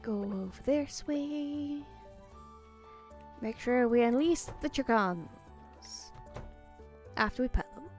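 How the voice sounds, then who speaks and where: A woman's voice: on the high side, animated, takes it slowly, pauses often, a little mellow, soft background music. A woman streaming a farming game, chatting casually with viewers and playfully talking to in-game items with frequent giggles. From Wales. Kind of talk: casual live-stream gameplay chat.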